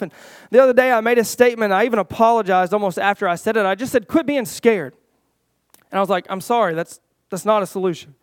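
Male preacher, folksy sermon delivery, high and clean voice, lots of stumbling repeats and "is that right?" asides. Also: clean tone, dry recording. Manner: folksy, repeats words, asks the church "Is that right?"; rises louder and higher toward the close.

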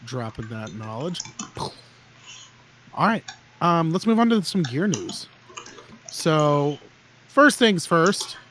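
A man's voice: fairly high pitch, sing-song, slow, pauses often, fairly bright tone, a little hiss or hum. A man hosting a gear podcast, chatting casually in a rambling, joking way with frequent restarts. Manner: rambling, jokey, restarts often. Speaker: podcast host. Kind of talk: casual chat.

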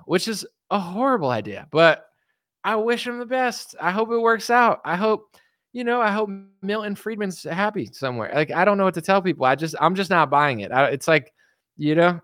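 A man's voice: a little high, animated, a little fast, a bit bright, dry recording, clean studio sound. A man ranting sarcastically on a casual livestream as a political commentator, rambling with constant fillers.

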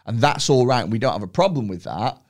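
A man's voice: mid-range voice, animated, fast. A man hosting a podcast, telling stories loosely with lots of swearing and laughter. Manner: rambling storyteller, swears freely, laughs often. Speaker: podcast host. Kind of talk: casual chat.

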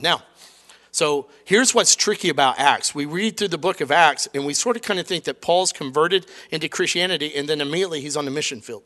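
A middle-aged man preaching a sermon in a conversational, animated way, acting out quoted lines. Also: on the high side, a little fast. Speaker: pastor.

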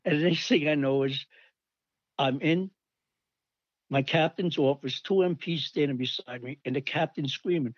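A man's voice: a little high, normal speed, pauses often, dry recording, dull audio. An older man telling rambling army stories in casual talk, acting out the voices of people he quotes. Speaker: storyteller recalling army days. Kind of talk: casual anecdote.

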